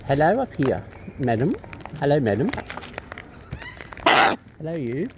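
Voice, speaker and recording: A woman's voice: sits low, sing-song, a little slow. A woman chatting casually and cooing affectionately to wild birds outdoors, filming on a phone. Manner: cooing baby talk to birds. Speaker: bird feeder vlogger. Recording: noisy outdoor recording with birds.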